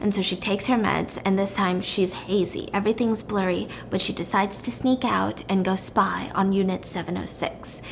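A woman casually recapping a drama's plot in an animated, chatty way, peppering it with fillers. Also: mid-range voice, moderate pace, gravelly, hardly any pauses, slight background noise.

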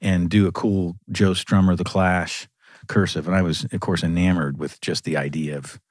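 A man hosting a casual conversation, animated and laughing as he tells long anecdotes about his music days. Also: low-pitched, moderate pace, no room sound, clean studio sound.

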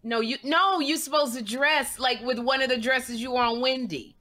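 A woman's voice: high-pitched, normal speed, pushed and bright. A woman, teasing and encouraging a friend in casual chat.

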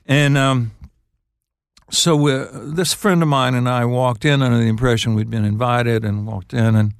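An older man, a songwriter guest on an interview show, telling stories in a halting, laughing way. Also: medium pitch, steady tone, vocal fry, clean tone, dry recording, clean studio sound. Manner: halting, restarts phrases, laughs while telling. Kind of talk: casual storytelling interview.

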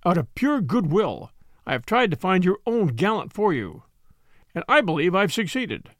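A man reading the part of a stern, sardonic old nobleman in an audiobook, deliberate and cold. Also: high voice, big pitch swings, a bit bright, no room sound, clean studio sound. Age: older.

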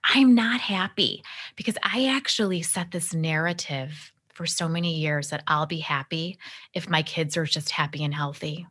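Low-pitched and slightly rough, with a sharp tone, this middle-aged woman speaks at a moderate pace as a guest on a podcast. An empowerment coach, she shares her story in a reflective, earnest way during the conversational interview, voicing quoted dialogue as she goes.

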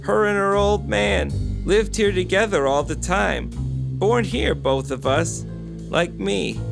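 A man's voice: huge pitch swings, unhurried, music in the background. A man reading aloud who voices a drunk, grieving woman with a whiny, slurred manner. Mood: sobbing. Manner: slurred, whiny, pitched up high. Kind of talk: comic dramatic reading.

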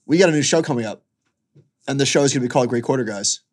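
A man co-hosting a casual finance podcast, relaxed, with dry asides and short replies. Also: mid-range voice, racing. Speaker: podcast co-host.

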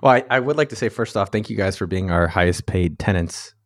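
A man's voice: deep voice, fairly quick, dry recording, clean studio sound. A man interviewing a guest in an office, teasing and joking as he asks questions. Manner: teasing, jokey. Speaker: podcast host. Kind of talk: casual interview chat.

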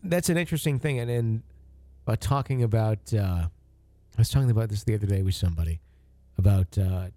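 A man's voice: lowish voice, moderate pace, long pauses, warm tone, no room sound. A man co-hosting a podcast, chatting casually with many fillers and joking, then reading listener stories aloud. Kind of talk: casual chat and story reading. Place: home studio.

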